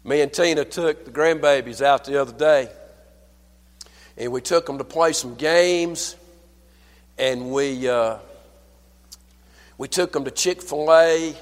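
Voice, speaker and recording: An older pastor preaches a sermon at a church service, telling folksy stories, calling for amen, and swinging from hushed lines to loud, fervent preaching. His voice is on the high side, and the sound carries a big-room quality.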